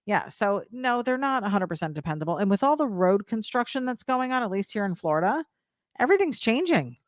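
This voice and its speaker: A woman co-hosting a podcast in casual chat, chatty and quick with interjections. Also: medium pitch, big pitch swings, no room sound, clean studio sound. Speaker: podcast co-host.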